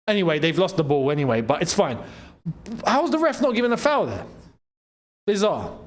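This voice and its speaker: A young man hosting a live football watchalong, reacting excitedly to play and reading viewer comments aloud with frequent laughs. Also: high voice, moderate pace, pauses often. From Algeria. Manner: excitable, laughs often, reads chat aloud.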